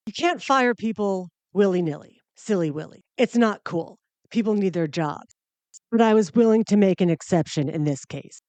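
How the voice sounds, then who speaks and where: A woman's voice: medium pitch, expressive, normal speed, darkish tone, dry recording. Woman podcast host doing a comic story, wry and self-mocking, dry close sound.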